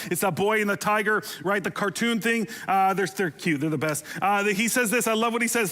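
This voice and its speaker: A pastor delivers a sermon in a high-pitched, bright, pushed voice. He keeps it conversational and funny, tossing in playful asides and building intensity whenever he makes an emotional appeal.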